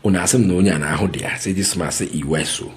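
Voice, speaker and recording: A man's voice: low-pitched, fast talker. A man with a Nigerian accent giving ranting political commentary, mocking and incredulous, slipping into Pidgin and repeating words for effect.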